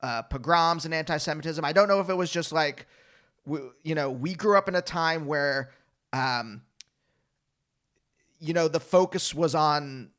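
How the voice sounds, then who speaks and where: A man's voice: a little high, measured pace, long pauses, a bit bright. A man hosting a podcast, musing thoughtfully and hesitantly, with frequent fillers and restarts. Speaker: podcast host. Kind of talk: casual conversational interview.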